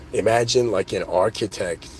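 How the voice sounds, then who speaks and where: A man hosting his own podcast, rambling excitedly through spiritual ideas in a casual monologue, full of "dude" and "like". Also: on the low side, slight background noise. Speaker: podcast host.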